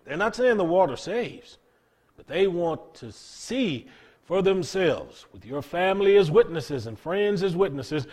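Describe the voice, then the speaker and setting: A man preaching a sermon in an earnest, emphatic way, with dramatic pauses and repeated words. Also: sits high, big pitch swings, darkish tone.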